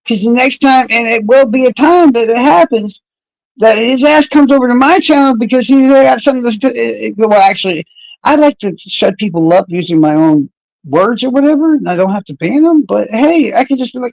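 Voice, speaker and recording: Man, high voice, lively swings in pitch, sarcastic and profane, streamer chatting with viewers. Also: moderate pace, vocal fry, no room sound, low-quality recording. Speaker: true crime streamer. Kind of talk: casual live-stream chat with viewers.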